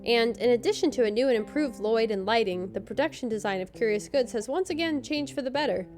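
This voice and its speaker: A woman with a somewhat high voice co-hosts a podcast and tears through a TV episode with sarcastic jokes. Faint music plays under her talk. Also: animated, quick pace, darkish tone. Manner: sarcastic, snarky commentary. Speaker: podcast co-host. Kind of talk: comedic episode recap.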